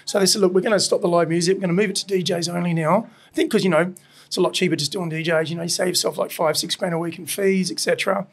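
Podcast guest: middle-aged Australian man, high-pitched and gravelly, loose and animated, swears freely. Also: very fast. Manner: animated, swearing, laughs often, acts out voices in anecdotes. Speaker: podcast guest, burger restaurant owner. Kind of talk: casual storytelling chat. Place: his burger restaurant.

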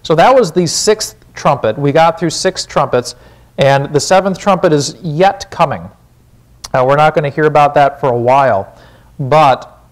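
A man with a Wisconsin accent preaching a sermon in a church, casual and conversational, often asking "right?". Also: a little high. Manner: conversational, frequent "right?" check-ins. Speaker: pastor.

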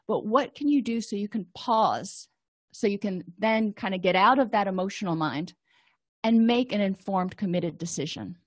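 A middle-aged woman counselor giving a calm, explanatory lecture and walking listeners through exercises. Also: mid-range voice, normal speed, no echo, studio quality. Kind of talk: recorded lecture.

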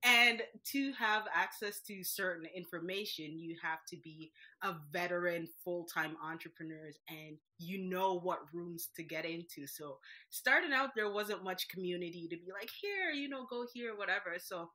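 Woman from Jamaica, thirties, business-owner guest, casual interview, bright clear tone, laughs a lot. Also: fairly low pitch, normal speed. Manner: lively, laughs often while talking.

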